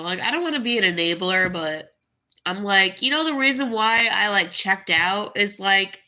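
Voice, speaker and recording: A young woman talking to camera in a halting, grieving way, full of fillers and restarts. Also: mid-range voice, bright, forceful tone. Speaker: vlogger. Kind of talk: casual spoken monologue.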